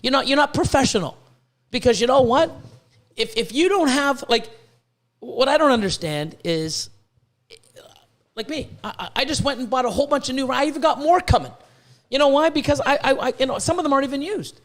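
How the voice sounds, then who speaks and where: A man's voice: very high voice, animated, a little fast, fairly bright tone. A man hosting a podcast, ranting in a rambling, profane way and stumbling over repeated words. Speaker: podcast host, reptile breeder. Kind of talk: casual podcast rant.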